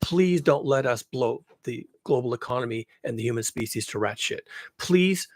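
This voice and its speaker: A man's voice: medium pitch, animated, normal speed, no echo, clean studio sound, pitched below the performer's own voice. A man putting on the voice of a greedy corporate boss who begs to be stopped from grabbing every profit. The boss pleads, then gloats. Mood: pleading.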